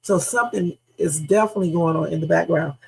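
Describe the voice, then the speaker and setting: Gravelly, husky woman livestream host. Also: lowish voice, quick pace, darkish tone, low-quality recording. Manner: emphatic, speculative, repeats points with slang. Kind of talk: live reaction commentary.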